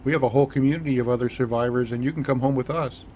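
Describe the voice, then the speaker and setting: A man's voice: mid-range voice, fairly even intonation, racing, darkish tone, a little hiss or hum, lightly acted. A man voicing a male fighter with a reassuring manner.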